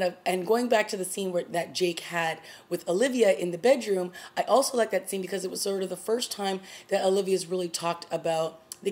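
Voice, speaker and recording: A woman giving a casual, chatty solo review of a TV episode, retelling scenes with lots of fillers like "you know" and "like.". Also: on the low side. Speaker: TV review vlogger.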